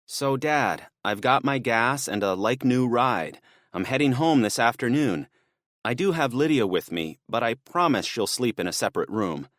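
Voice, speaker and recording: A man's voice: medium pitch, expressive, normal speed, a bit bright, no echo, studio quality, pitched above the performer's own voice, close to an everyday voice. A man reading an audiobook, voicing an anxious, eager young man who talks to his father on the phone while driving. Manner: eager, pleading, voice tight with worry.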